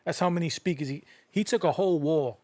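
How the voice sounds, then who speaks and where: A man's voice: fairly high pitch, fast, warm tone, no echo. A man hosting a podcast, telling stories casually with lots of fillers. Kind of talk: casual podcast chat, storytelling.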